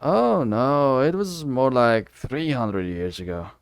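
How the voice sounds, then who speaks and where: A man voicing a gentle, soft-spoken old priest who talks in a kindly, hushed way. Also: medium pitch, expressive, slow pace, no room sound, studio quality.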